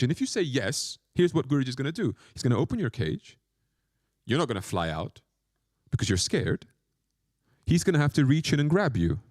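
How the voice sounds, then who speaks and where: A man, a monk, giving a spiritual lecture, telling stories and asking the audience questions, and slowing down to stress key points. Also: mid-range voice, no room sound, studio quality. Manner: animated storytelling with questions to the audience.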